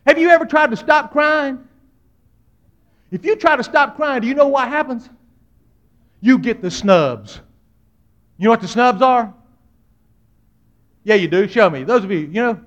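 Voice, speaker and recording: High-voiced preacher man telling stories. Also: a little slow, long pauses, muffled recording. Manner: animated, dramatic swings between loud and hushed. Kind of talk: humorous storytelling sermon.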